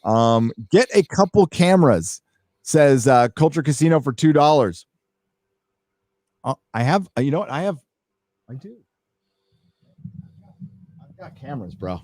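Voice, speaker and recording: A man's voice: medium pitch, very animated, measured pace, pauses often, a little mellow, no echo, studio quality. A man hosting a livestream, ranting casually with lots of swearing and fillers while reading donations. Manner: emphatic, swears freely, many fillers. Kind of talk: profane casual rant.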